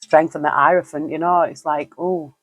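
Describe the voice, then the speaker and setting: A woman's voice: sits low, steady tone, moderate pace. A woman giving a casual spoken tarot reading, chatty and musing, with frequent fillers and easy laughs. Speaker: tarot reader.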